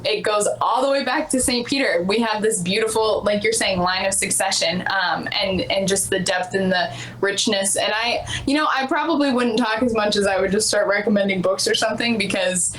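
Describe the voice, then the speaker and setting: A woman guest on a podcast interview, earnest and quick to laugh. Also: mid-range voice, fairly bright tone, a little hiss or hum, low-quality recording. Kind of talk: casual interview chat.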